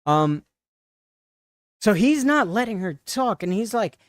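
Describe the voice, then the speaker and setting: A man on a livestream retelling an upsetting encounter in a halting, shaken way, with many restarts. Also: sits high, very animated, dry recording, clean studio sound. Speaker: streamer. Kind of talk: casual storytelling on a livestream.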